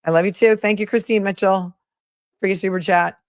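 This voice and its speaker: A woman's voice: mid-range voice, fairly even intonation, a little fast, no room sound, clean studio sound. A woman attorney hosting a casual livestream, reading viewer messages aloud and thanking them in a chatty, affectionate way.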